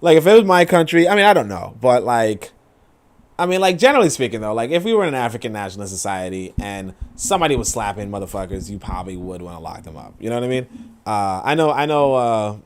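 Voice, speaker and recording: A man's voice: medium pitch, big pitch swings, fast. A man hosting a podcast, ranting in casual, profane commentary with lots of fillers as he reacts to posts. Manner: profane, rambling rant with many fillers. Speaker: podcast host.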